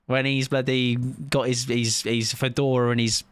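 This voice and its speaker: A man's voice: medium pitch, level tone, measured pace, clean tone, dry recording. A British man in his thirties, a game streamer chatting casually and joking with his lobby while he plays. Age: 30s. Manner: chatty, joking, rambling with fillers. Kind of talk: casual chat while gaming.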